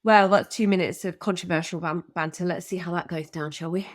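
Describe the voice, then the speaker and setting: A woman's voice: fairly low pitch, fairly even intonation, brisk. A woman co-hosting a podcast in casual chat, bubbly and gushing, laughing often. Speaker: podcast co-host.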